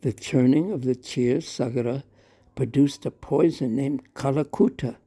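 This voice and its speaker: A man playing a gentle, soothing mother. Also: medium pitch, measured pace, breathy edge. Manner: soothing, explaining patiently. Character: gentle loving mother of the child.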